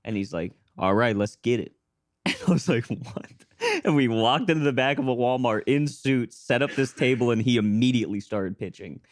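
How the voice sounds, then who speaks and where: A man's voice: medium pitch, a little fast, no room sound. A young American man from a small town, telling a long story on a casual podcast and acting out the people in it. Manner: animated storyteller acting out quoted voices. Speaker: podcast host.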